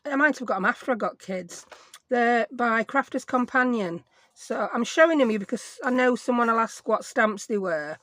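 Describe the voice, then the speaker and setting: A woman's voice: on the high side, lively intonation, moderate pace, fairly bright tone, dry recording. Chatty Yorkshire woman crafting. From Yorkshire, England. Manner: rambling, chatty, self-mocking. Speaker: crafting channel host. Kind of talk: casual chatty crafting vlog.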